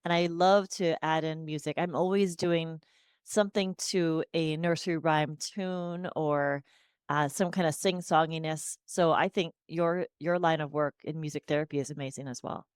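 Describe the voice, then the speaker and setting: A woman's voice: deep voice, fairly even intonation, moderate pace, clean tone, no echo, studio quality. A woman in her forties, a speech-language pathologist, chatting casually as a podcast guest and slipping into a sing-song tone when she models talking to children. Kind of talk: casual interview conversation.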